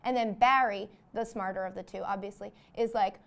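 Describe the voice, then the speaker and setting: A woman's voice: medium pitch, fairly even intonation, fairly quick, vocal fry, few pauses, a bit bright. A young woman hosting a comedy show, rambling through a made-up movie plot with lots of "like". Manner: rambling, peppered with "like". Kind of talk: comedic monologue.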